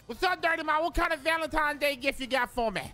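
A sassy, bossy old woman who teases in drawling slang, as a woman puts her on. Her voice is high, bright and pushed forward. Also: fast talker, slight background noise. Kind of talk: improvised game role-play.

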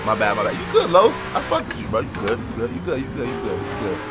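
A young man with a New York accent, casually commentating a racing game with loud, swearing outbursts and quick apologies. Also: mid-range voice, huge pitch swings. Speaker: gaming YouTuber. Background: music and car engine sounds.

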